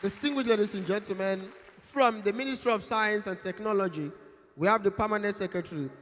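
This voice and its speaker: A Nigerian man hosts a ceremony with loud, playful announcing and pidgin banter. His voice sits high for a man. It rings out with a long reverb, as in a large hall. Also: brisk, some chatter behind. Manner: lively, joking, loud announcing. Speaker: master of ceremonies. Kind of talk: event emceeing with comic pidgin banter.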